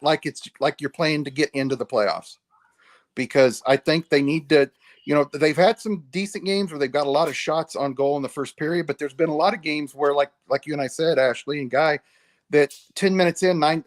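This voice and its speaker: A man's voice: on the high side, no room sound. A man co-hosting a casual hockey fan show, talking casually, agreeing readily and restarting his sentences. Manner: agreeable, repeats himself and restarts often. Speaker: podcast co-host. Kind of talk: casual sports talk.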